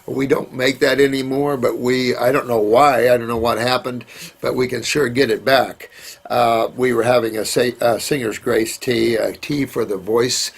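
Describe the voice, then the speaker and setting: A middle-aged man answers viewer questions in a loose, rambling, folksy manner, calling people sweetheart. His voice is gravelly with a husky edge, at an ordinary pitch for a man. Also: little pitch movement, normal speed. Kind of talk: casual live Q&A.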